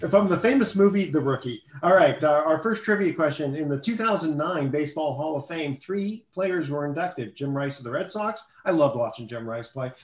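A man's voice: a little high, lively intonation, normal speed, hardly any pauses, roomy sound. A man hosting a casual sports talk show over a video call, rambling a bit with fillers and restarts. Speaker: show host.

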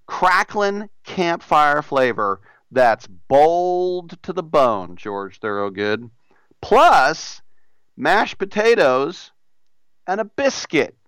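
A man putting on a Southern accent to play a hammy, excitable pitchman in a live-read radio ad, with drawling sales patter. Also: clear, resonant tone, no room sound, heavily acted. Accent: put-on American Southern. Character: folksy loud Southern male chicken pitchman.

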